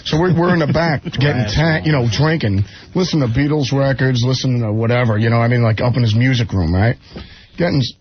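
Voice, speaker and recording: A man telling rambling, animated anecdotes as a radio guest, often slipping into quoted voices. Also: mid-range voice, fast. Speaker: guest musician. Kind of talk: casual storytelling on radio. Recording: muffled radio broadcast with faint hiss.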